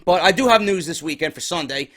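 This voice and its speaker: A man's voice: on the high side, lively intonation, fast, sharp tone. A tired man hosting a wrestling podcast, ranting and cursing in exasperation. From New York. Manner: exasperated, swears constantly. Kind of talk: profane ranting commentary.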